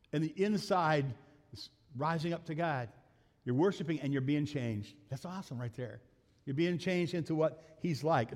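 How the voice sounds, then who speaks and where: A middle-aged man, a pastor, preaching a sermon in a folksy way, rising to loud emphatic peaks and dropping back to asides. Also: a little high, expressive, brisk. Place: church sanctuary. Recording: long reverb of a church hall.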